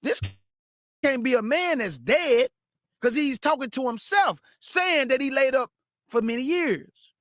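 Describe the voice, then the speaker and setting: A man teaching the Bible, reading verses aloud and breaking off to question them with drawn-out emphasis. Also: very high-pitched, animated, fairly bright tone, no echo, clean studio sound. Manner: reads verse then stops to question it aloud. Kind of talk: street-style scripture teaching.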